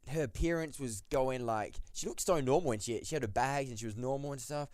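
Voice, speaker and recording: Brief: young man, podcast guest, rambling storyteller, mid-pitched, dead-dry booth sound. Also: fairly quick, a little mellow, no echo. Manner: rambling, filler-heavy, laughs through the story. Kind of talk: casual storytelling chat.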